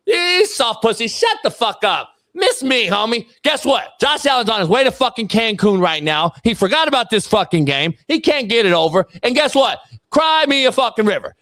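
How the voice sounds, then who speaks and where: A man's voice: very high voice, a bit bright, no room sound. A man hosting a sports talk show, ranting bluntly and profanely about football. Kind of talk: casual profane sports rant.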